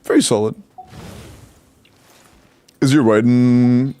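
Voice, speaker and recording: A young man talks casually in a mid-range voice, as if streaming from home. He rattles through numbers fast and breaks into laughter often. His tone stays loose and chatty. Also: medium pitch, fairly even intonation, dark tone, clean tone, soft background music. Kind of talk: casual live-stream chat.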